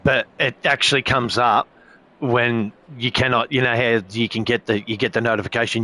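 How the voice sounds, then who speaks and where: Man, sim racing streamer, casual rambling chat, lots of swearing, forceful bright tone. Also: mid-range voice, steady tone, normal speed. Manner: rambling, heavy swearing, frequent filler phrases.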